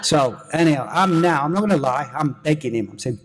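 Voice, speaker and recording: A man, a former footballer telling a lively, swearing anecdote on a theatre stage. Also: on the high side, a little fast, few pauses. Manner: swearing, animated anecdote telling with acted-out quotes. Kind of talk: on-stage storytelling. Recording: reverberant theatre hall.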